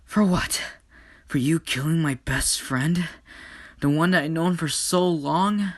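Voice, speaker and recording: A man voicing an angry young woman who wants to avenge her friend, shrill and indignant. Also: animated, takes it slowly, a bit bright. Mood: outraged.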